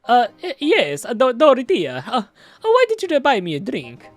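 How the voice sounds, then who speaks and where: A man's voice: very high voice, wildly swooping pitch, moderate pace, faint music behind, pitched above the performer's own voice, full character voice. A man voicing a nervous young delivery boy in a video game, stammering and hesitant. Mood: flustered. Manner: stammering, hesitant, lots of uhs.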